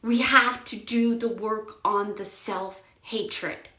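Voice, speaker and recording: A woman giving an emotional spiritual monologue, swinging between loud outbursts and quiet murmurs, near tears. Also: medium pitch, fairly even intonation, slow, reverberant. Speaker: spiritual vlogger.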